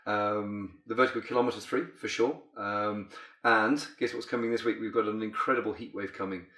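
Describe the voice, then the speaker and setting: A man, a physiotherapist guest in a casual interview, relaxed and often repeating words as he talks. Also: fairly low pitch, fairly quick, echoey room.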